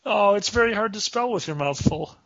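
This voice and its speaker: A man co-hosting a casual, crude comedy podcast, joking quickly and often breaking into laughter. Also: high voice, expressive, fairly bright tone, no echo. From Chicago area. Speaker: podcast co-host. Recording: dry, slightly dull lo-fi sound.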